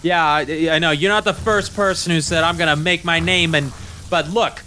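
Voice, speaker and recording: A man voicing a gruff, impatient female camp cook who barks orders and threatens. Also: a little high, fairly even intonation, normal speed, bright, forceful tone, a little hiss or hum, pitched above the performer's own voice.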